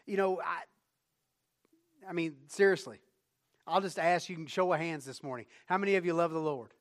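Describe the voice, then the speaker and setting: A male pastor preaching a conversational sermon, moving between quiet reflection and rising bursts of emphasis. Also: fairly high pitch, normal speed.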